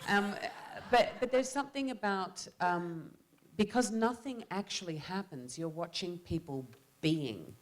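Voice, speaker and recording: A woman's voice: on the low side, expressive, a little slow, hardly any pauses. A woman actor answering panel questions in a reflective way, often restarting and repeating words.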